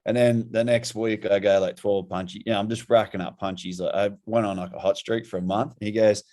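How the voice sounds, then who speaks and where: An Australian man in his forties chats on a podcast, relaxed and unhurried. His voice sits low. He tells his story in a plain, easygoing way. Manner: relaxed, laid-back, says "mate" and "yeah" a lot. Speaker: podcast co-host. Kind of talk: casual chat.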